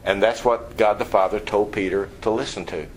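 A man preaching a sermon in a conversational way, asking the listeners questions and dropping low and quiet on key points. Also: steady tone, moderate pace, slight background noise, low-quality recording. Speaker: pastor.

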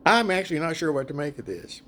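A man leading a casual group Bible study, chatty and animated, laughing often as he retells the story. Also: fairly high pitch, fast.

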